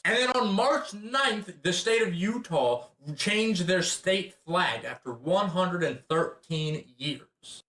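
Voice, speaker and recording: A man's voice: on the high side, sharp tone, echoey room, recorded from a distance. An American man recapping the year's news in a casual, chatty way with sarcastic asides and frequent fillers. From United States. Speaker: channel host.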